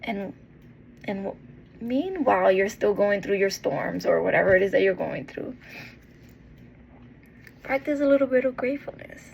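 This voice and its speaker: A woman giving a heartfelt, encouraging monologue as a vlogger, earnest and tender, with pauses and restarts. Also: mid-range voice, animated, creaky, a little mellow, highs cut off, a little hiss or hum. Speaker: motivational vlogger.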